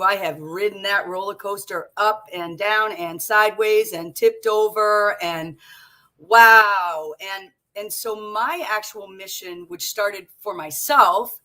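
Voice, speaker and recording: A woman in her sixties, working as a psychologist and coach, joins a panel talk. Her voice is bright and forceful, and she speaks frankly, telling her story vividly. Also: mid-range voice.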